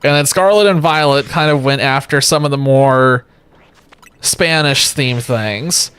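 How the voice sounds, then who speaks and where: A worn-out livestreamer talks from his home setup in front of a webcam, rambling and cracking jokes as he chats casually with viewers, clearly exhausted from too little sleep. His voice sits at a medium pitch with a measured pace and a clear, resonant, slightly bright tone.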